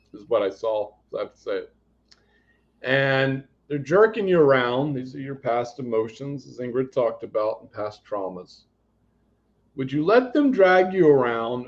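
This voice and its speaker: A man giving a live spiritual reading and healing, talking bluntly and animatedly, shifting between loud commands and quiet asides. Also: medium pitch, muffled recording. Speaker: psychic healer.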